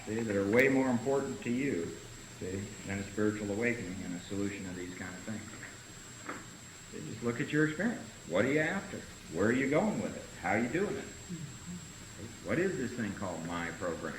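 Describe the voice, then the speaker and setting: A man leading a recovery-group study session, talking in short punchy phrases and often tagging them with "see?". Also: mid-range voice. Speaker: Big Book study leader. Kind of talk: recovery group teaching talk. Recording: echoey room with faint hiss.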